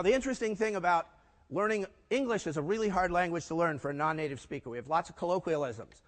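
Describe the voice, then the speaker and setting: A man's voice: fairly high pitch, a bit bright. A man in his sixties giving a business talk at a conference, punchy and full of rhetorical questions for the audience. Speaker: keynote speaker. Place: conference hall. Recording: long hall reverb.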